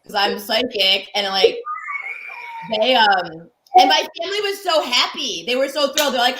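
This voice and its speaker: A woman's voice: fairly high pitch, sing-song, moderate pace, echoey room, background noise. A young adult woman from Connecticut, a guest comedian, telling candid stories with lots of "like" and acted-out quotes. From Connecticut, USA. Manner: chatty, peppered with "like", acts out quoted lines. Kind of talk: candid storytelling interview.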